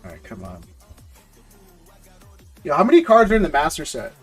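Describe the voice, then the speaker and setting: A man's voice: on the high side, wildly swooping pitch, moderate pace, slightly rough, faint music behind. A man hosting a live stream, chatting casually and jokingly with viewers in loose slang, often repeating words as he goes. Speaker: live-stream host opening trading card packs.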